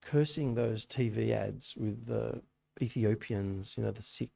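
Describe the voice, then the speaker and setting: Storytelling and rhetorical questions fill a casual sermon a man gives to a youth group in a church hall. His voice is fairly low, steady and a little mellow, with vocal fry and a measured pace.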